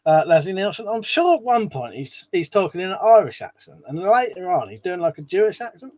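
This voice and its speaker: A man's voice: high-pitched, very animated, brisk, a little mellow, no room sound, dull audio. A man hosting a casual live stream, chatting to viewers in a rambling way and swearing now and then. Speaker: live stream host reading chat.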